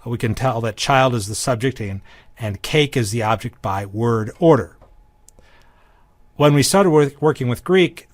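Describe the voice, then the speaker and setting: A man's voice: medium pitch, dry recording. Man lecturing on Greek grammar. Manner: dry humor, frequent ums and restarts. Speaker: Greek teacher. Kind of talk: recorded lecture.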